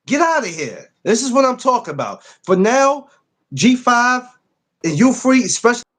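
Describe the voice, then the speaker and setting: A man hosts a relaxed morning podcast. His voice sits high and swings widely as he teases his co-host. He tends to repeat himself for effect. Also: normal speed. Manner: playful, repeats phrases, teasing. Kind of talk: casual morning chat.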